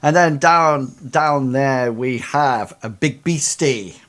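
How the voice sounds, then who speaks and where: A man's voice: medium pitch, slow, fairly bright tone. GM type: a chatty man with a mid voice, talking over a video call, often stopping to restart. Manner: chatty, hesitant with fillers and restarts. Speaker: game master. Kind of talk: hosting a tabletop game over video call.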